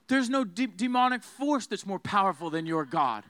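Fiery high-voiced male preacher. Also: very animated, normal speed, hardly any pauses, fairly bright tone, a little hiss or hum. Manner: fiery, emphatic, has the crowd repeat phrases. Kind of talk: sermon.

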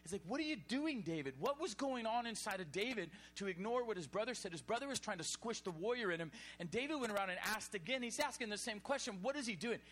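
Casting: energetic preacher, fairly high voice, exhorts and shouts at times. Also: male voice, fast talker, few pauses. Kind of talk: sermon.

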